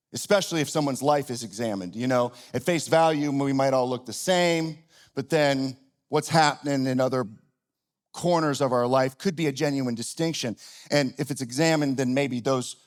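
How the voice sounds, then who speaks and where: A middle-aged pastor preaches to his congregation in an easy, conversational tone, as if talking with friends. His voice sits slightly high for a man. He restarts his sentences often and pokes fun at himself. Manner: conversational, self-deprecating, with frequent restarts. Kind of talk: sermon. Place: church auditorium.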